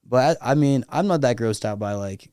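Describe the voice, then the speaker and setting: A man's voice: mid-range voice, lively intonation, dark tone, no echo, studio quality. A young man as a podcast guest, rambling casually with lots of fillers. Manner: rambling, filler-heavy, quick. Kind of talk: casual chat.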